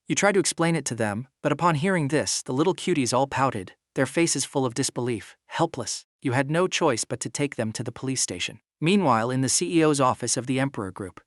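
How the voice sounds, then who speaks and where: A man narrating a drama recap in second person, steady and smooth. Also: medium pitch, fairly quick, hardly any pauses, no echo, clean studio sound.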